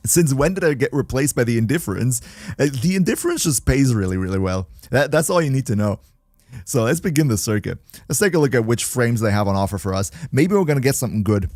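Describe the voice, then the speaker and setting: A man's voice: mid-range voice, animated, a little fast, a little mellow, no echo. Playful man streaming a game. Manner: playful, laughs often, stumbling restarts. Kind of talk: casual livestream chat.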